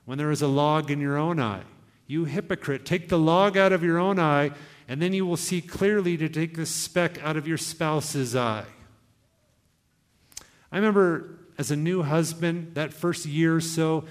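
A young man preaching to his congregation with earnest urgency, slipping into quoted asides as he exhorts. His voice sits a little high, and the church hall adds a long reverb. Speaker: pastor. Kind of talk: sermon.

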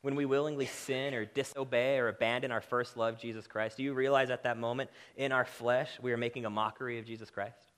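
A man delivers a sermon with real conviction, his voice swelling to loud, emphatic peaks before sinking back to quiet, earnest asides. He sits in a middling pitch for a man and talks to his listeners directly. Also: fairly even intonation, a little fast, few pauses, clear, resonant tone. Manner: impassioned, rising to emphatic peaks then dropping low. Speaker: preacher.

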